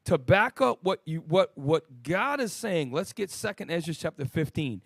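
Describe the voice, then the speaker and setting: A man leading a preaching Bible lesson, emphatic and swinging between loud and quiet. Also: a little high, big pitch swings, normal speed, no room sound, studio quality. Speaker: lead teacher of a Bible study show.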